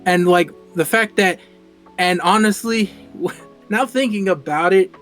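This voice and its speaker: Animated young-sounding podcast guy. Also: high-pitched, unhurried, faint music behind. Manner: animated, laughs often, repeats words when excited. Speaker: podcast co-host. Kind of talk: casual podcast chat.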